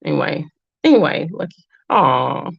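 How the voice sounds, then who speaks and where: A woman in her thirties hosts a heartfelt live stream, chatting earnestly with viewers, wandering off topic and back, and coming close to tears. Her deep voice is gravelly with a breathy edge, very animated, warm and emotional, at a moderate pace. The lo-fi recording sounds dull and dry, with no room sound.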